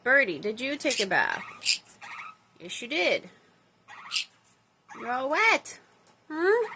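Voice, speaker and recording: High sing-song woman cooing to birds. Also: very animated, slow, long pauses, sharp tone, a little hiss or hum. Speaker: pet owner. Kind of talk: baby talk to pet birds.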